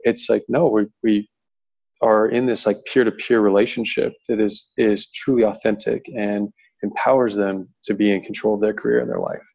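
A man's voice: lowish voice, fairly even intonation, moderate pace, gravelly, darkish tone, poor audio. A man in his thirties, a coach answering on a panel, talking earnestly and rambling with lots of fillers. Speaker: pitching coach.

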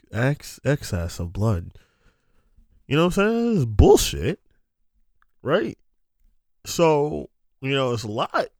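A man's voice: mid-range voice, no echo, studio quality. A young man hosting a podcast, telling a story in a casual, profane, ranting way with frequent laughs. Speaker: podcast host.

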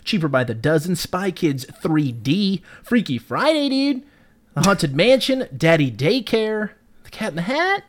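A man co-hosting a casual movie review podcast, animated and profane, laughing often. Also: a little high. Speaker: podcast co-host.

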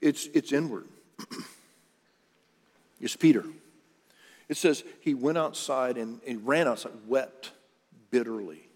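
An earnest male pastor preaches in a relaxed, conversational way, often restarting his sentences. His voice sits at a middling male pitch. A long reverb from the church hall hangs on his words. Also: takes it slowly, long pauses. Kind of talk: sermon.

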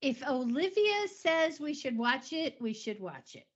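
A woman co-hosting a casual movie podcast in a playful, drawn-out way. She repeats herself as she talks. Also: sits high, very animated, dull audio. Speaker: podcast co-host.

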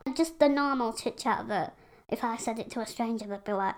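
Chatty English woman, slightly high voice. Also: expressive, normal speed, a little mellow. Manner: chatty, frank, lots of fillers. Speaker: podcast guest. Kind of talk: casual conversation.

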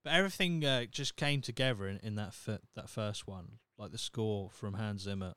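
A man's voice: on the low side, normal speed, few pauses, fairly bright tone, clean tone, dry recording. A young man hosting a solo podcast, talking in a blunt, sweary, opinionated way. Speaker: podcast host. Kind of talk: casual solo podcast rant.

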